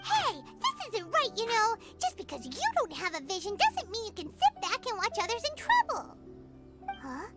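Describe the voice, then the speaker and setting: An actress voicing a tiny excitable fairy companion in a game cutscene, with a high squeaky voice. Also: female voice, normal speed, exaggerated voice. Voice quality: high squeaky voice, speaks of herself in third person. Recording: game audio with loud music.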